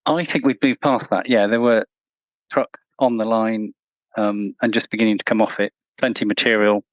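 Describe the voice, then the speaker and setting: A man answering interview questions in a measured, thoughtful way, with frequent restarts. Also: lowish voice, fairly even intonation, no room sound, highs cut off. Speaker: guest, former truck company employee.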